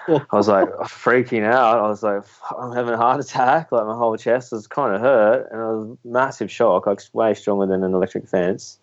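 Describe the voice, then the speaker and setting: A young Australian man, appearing as a spearfishing guest on a podcast, tells rambling stories in a laid-back way and laughs his way through them. His voice is fairly low, with fairly even intonation and a moderate pace. The recording sounds muffled.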